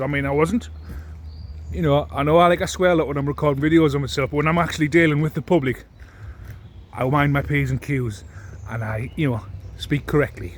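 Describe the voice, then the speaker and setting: A man's voice: on the high side, steady tone, fairly quick, a little hiss or hum. A man, ranting into his phone with heavy swearing and indignant repetition. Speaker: vlogger. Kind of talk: ranting monologue to camera.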